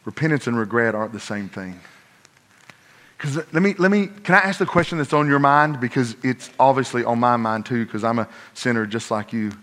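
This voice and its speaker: A man preaching a sermon, telling a personal story, moving between hushed asides and loud, emphatic points. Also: medium pitch, a little fast. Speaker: pastor.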